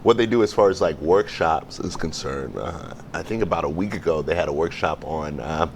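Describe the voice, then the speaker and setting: A man from South Carolina, a guest on a morning show, answering in a relaxed, hesitant way. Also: extremely low pitch, a little fast, a little hiss or hum. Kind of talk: interview answers.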